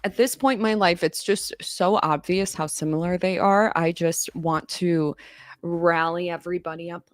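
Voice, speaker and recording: A woman's voice: on the low side, fairly even intonation, normal speed, no room sound, clean studio sound. A woman around thirty giving casual, offhand commentary on a live stream, mocking herself and laughing often.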